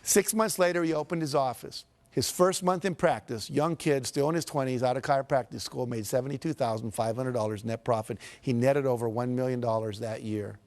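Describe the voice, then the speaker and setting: A motivational speaker addresses a seminar audience, telling stories and slipping into the voices of quoted characters with emphatic repetition. His medium-pitched voice is a little mellow, and he talks fairly quickly with hardly any pauses.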